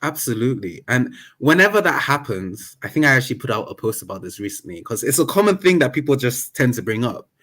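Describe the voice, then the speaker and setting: A man's voice: mid-range voice, quick pace, few pauses. Talkative man guest. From Nigerian background. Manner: animated and talkative, jokes and laughs. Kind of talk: casual interview chat.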